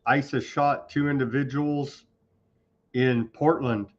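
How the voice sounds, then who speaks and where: A man's voice: mid-range voice, fairly even intonation, slow pace. A man hosting an online news show in a loose, off-the-cuff way, with sarcastic asides. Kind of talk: casual online news commentary. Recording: slightly dull lo-fi sound.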